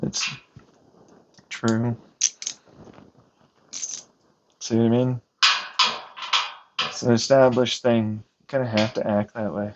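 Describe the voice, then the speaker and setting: A man's voice: mid-range voice, level tone, takes it slowly, long pauses. A young man venting in a rambling personal vlog, agitated and swearing as he acts out arguments. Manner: agitated, swearing, mimics others in heated back-and-forth. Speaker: vlogger. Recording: dull lo-fi audio with clear background noise.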